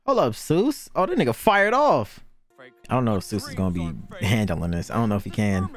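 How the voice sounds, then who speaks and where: Male reaction host, casual, excitable and profane, very lively pitch. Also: brisk, soft background music. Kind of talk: casual cartoon reaction commentary.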